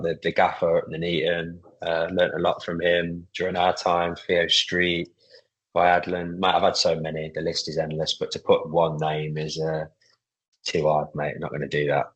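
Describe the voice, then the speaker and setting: A man in his thirties, a footballer and club captain, chatting casually in a podcast interview, relaxed, with lots of fillers. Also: deep voice, husky, lo-fi sound. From England.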